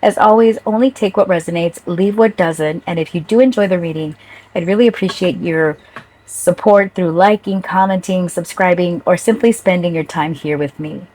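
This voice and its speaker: Chatty woman reading tarot, mellow voice. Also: on the low side, normal speed. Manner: chatty, talks straight to viewers, swears casually. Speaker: tarot reader. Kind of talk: casual tarot reading to camera.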